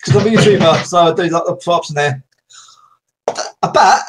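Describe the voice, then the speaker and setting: A man's voice: high-pitched, moderate pace, noisy background. A man with a Suffolk accent chatting with strangers on a video call, teasing and laughing often, repeating his greetings in a mock police tone. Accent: Suffolk English. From Suffolk, England. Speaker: YouTuber on video chat. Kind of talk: playful video chat with strangers.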